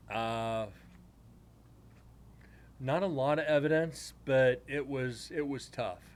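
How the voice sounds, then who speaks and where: A man telling a story from one of his paranormal investigations to his live chat, rambling and casual. His pitch sits in the everyday middle for a man, and he drifts into crude jokes aimed at the viewers.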